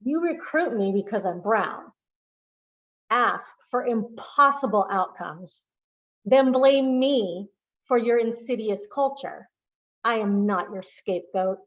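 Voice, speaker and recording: Slow, emphatic woman reciting poetry. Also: medium pitch, muffled recording. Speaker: poet. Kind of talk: poetry reading.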